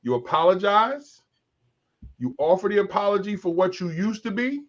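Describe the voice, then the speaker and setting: A man's voice: high-pitched, very animated, normal speed, dull audio. A man in his fifties hosting a candid panel discussion, telling stories and acting out the voices of other people as he makes his points. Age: 50s. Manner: storytelling, acts out voices of others. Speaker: talk show host.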